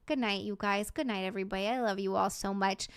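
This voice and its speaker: Late at night, a Hawaiian woman streams live and chats in an effusive, playful way, firing off quick shout-outs to viewers between teasing asides. She speaks with medium pitch, fairly level intonation, and a clean tone.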